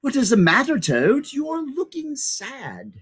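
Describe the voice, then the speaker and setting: A man voicing a kind frog friend from a children's storybook, with a raised, bright delivery. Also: very high-pitched, wildly swooping pitch, a little slow, slightly rough, voice pushed up, full character voice. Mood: concerned. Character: kindly, cheerful male frog friend.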